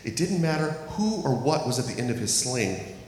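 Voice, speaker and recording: A man preaching a sermon, earnest and deliberate, slowing down to stress key words and reading scripture aloud. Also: medium pitch, very animated, a little mellow, a little hiss or hum. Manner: earnest, reads scripture aloud, slows for emphasis. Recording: echoey hall with faint ambience.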